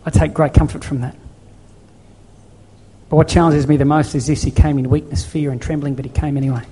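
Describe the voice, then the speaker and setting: Husky-voiced pastor preaching earnestly. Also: male voice, fairly high pitch, fairly even intonation, brisk, warm tone. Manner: earnest, pleading rhetorical questions. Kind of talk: sermon. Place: church.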